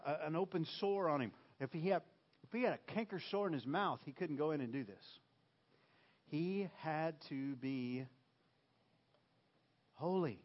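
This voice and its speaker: Pastor preaching conversationally. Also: male voice, on the high side, muffled recording. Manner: conversational preaching, checks in with listeners with "okay?". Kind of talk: sermon.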